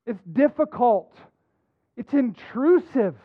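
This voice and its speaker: A man preaching a sermon as a pastor, earnest, dropping soft and then rising to emphatic points. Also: very high-pitched, lively intonation, slow pace, no echo. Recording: dry phone-like narrow sound.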